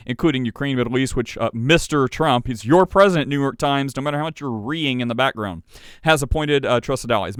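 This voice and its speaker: A man co-hosts a casual podcast and reads the news aloud, breaking in with sarcastic jabs. His voice is smooth and clean, recorded dry and close with no room sound. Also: mid-range voice, no room sound. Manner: sarcastic, laughing asides while reading. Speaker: podcast co-host.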